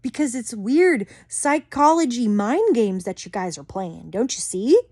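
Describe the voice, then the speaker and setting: A woman in a heated, swearing rant to camera as a vlogger, swinging between loud outbursts and muttered asides. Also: on the high side, very animated, a little slow, no room sound, studio quality.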